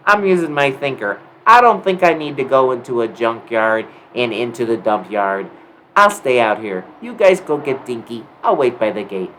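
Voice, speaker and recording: A woman voicing a cautious, clever little kid who speaks in a calm, firm way. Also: a bass voice, moderate pace, slight background noise. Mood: sensible.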